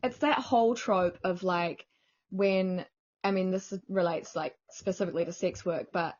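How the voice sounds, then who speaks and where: A woman's voice: lowish voice, moderate pace, a little mellow, highs cut off. A woman co-hosting a casual podcast, blunt and swearing freely. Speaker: podcast co-host.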